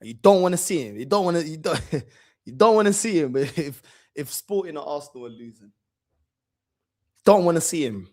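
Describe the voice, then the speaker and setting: A man's voice: fairly high pitch, animated, moderate pace, pauses often, a little mellow. A man hosting a football channel, telling a story in a casual, slangy way and repeating phrases for emphasis.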